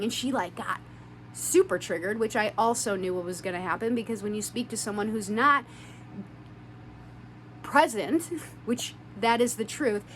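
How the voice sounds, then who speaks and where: A woman vlogger recounts a confrontation in a heartfelt, earnest monologue, her voice sitting a little high. She leans on spiritual self-help phrasing and swears for emphasis. A faint hum sits under the recording. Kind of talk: emotional storytime monologue.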